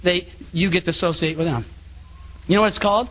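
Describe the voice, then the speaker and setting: High-voiced animated man preaching. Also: fast. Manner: animated, acts out voices of people in stories. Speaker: speaker giving a public talk. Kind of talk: sermon with anecdotes. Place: meeting hall.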